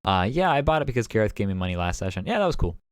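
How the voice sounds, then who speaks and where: Speaking very fast in a low, clear, resonant voice with a sing-song lilt, a man recaps his tabletop game as game master. He talks casually from a home streaming setup, rambling with fillers and restarts, and the studio-quality audio has no echo.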